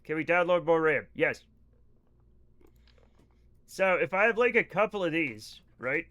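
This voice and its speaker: The recording is muffled, but the man's voice comes through slightly high, expressive, and a little bright, at a measured pace. He's streaming a game live and chatting loosely with viewers, full of tangents, swearing, and jokes.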